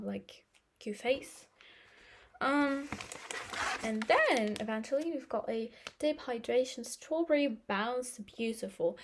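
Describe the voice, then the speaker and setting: Soft-spoken asmr role-play, woman rambling sweetly and slowly, kinda high voice, close mic with a little paper crinkle. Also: lively intonation, a little hiss or hum. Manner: chatty, rambling, affectionate. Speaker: ASMR creator.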